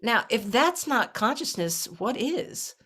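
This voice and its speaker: A middle-aged woman, a guest in an interview, telling a personal story with lively voices for the people in it and many restarts. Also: a little high, slow pace, breathy edge. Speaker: herbalist guest.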